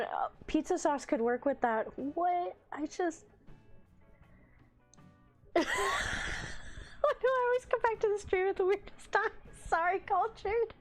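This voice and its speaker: A woman hosting a livestream in casual chat, reading the live chat aloud with playful teasing and frequent laughter. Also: sits high. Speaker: livestream host.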